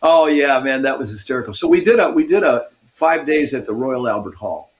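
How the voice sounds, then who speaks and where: A man's voice: mid-range voice, expressive, brisk. A man in his sixties from Pasadena, California, a guest guitarist animatedly telling stories in a radio interview and laughing often.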